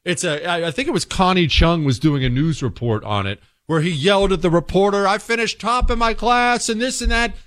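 Talk radio guy ranting, high voice jumping all over, super dry studio mic, keeps going off on tangents. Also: sing-song, a little fast, few pauses, dry recording. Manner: incredulous, emphatic, rambling. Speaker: radio talk show host. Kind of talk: opinionated talk radio monologue.

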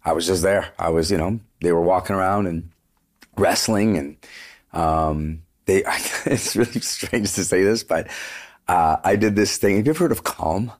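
Deep husky-voiced man telling stories. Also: moderate pace. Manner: earnest, rambling storyteller with many restarts. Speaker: touring singer, interview guest. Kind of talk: casual interview conversation.

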